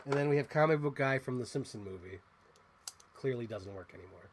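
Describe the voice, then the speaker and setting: Excitable man with a lively voice. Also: mid-range voice, brisk, noisy background. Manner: excitable, chatty, gushing. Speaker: host. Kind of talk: casual toy unboxing chat.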